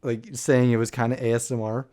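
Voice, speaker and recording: A young man co-hosting a casual podcast chat, speaking softly and awkwardly, often trailing off. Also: mid-range voice, little pitch movement, brisk. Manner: soft-spoken, awkward, trails off. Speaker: podcast co-host.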